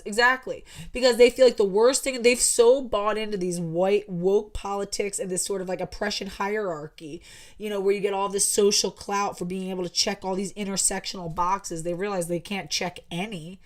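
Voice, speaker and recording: A woman's voice: medium pitch, normal speed. A woman giving casual, sarcastic commentary while reading posts aloud, drawling and laughing often. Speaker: online commentator.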